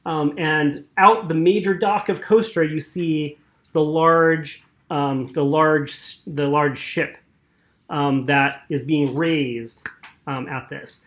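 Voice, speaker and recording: Male game master, halting narration, um-filled, echoey room. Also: fairly high pitch, fairly even intonation, a bit bright. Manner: hesitant, many fillers and apologies. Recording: roomy echo.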